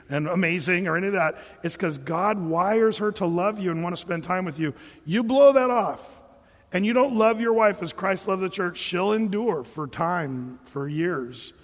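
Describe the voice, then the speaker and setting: A man preaching to a congregation of men, animated and emphatic, stumbling over and repeating his words as he pushes a point. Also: high-pitched, big-room sound. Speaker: pastor and marriage counselor. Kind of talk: sermon.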